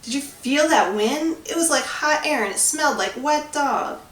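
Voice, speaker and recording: A woman reading aloud voices an eager young boy who asks excited questions. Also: high-pitched, normal speed, voice pushed up. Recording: roomy, distant recording.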